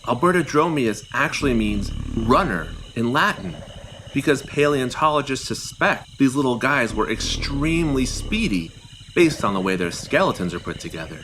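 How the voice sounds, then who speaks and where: Man playing an upbeat paleontologist, lively pitch, bright voice, teacherly, faint hiss behind. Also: moderate pace, lightly acted, poor audio. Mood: explaining. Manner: explaining, enthusiastic teacher tone. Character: enthusiastic adult male paleontologist guide.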